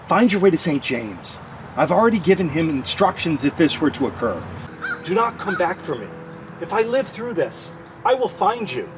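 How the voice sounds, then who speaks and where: A man's voice: a little high, slight background noise. An actor playing a stern father who gives his son grave, commanding orders in a film drama. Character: stern, protective father facing danger.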